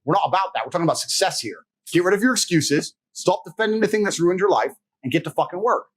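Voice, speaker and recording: A man's voice: sits high, animated, fast talker, husky. A man giving a blunt, profane motivational monologue, lecturing the listener directly and confrontationally.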